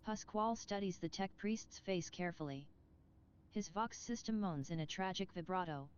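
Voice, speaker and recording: A woman giving solemn, measured scripted narration in a game, heard through slightly muffled game audio with faint music behind. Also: fairly low pitch, slight background noise.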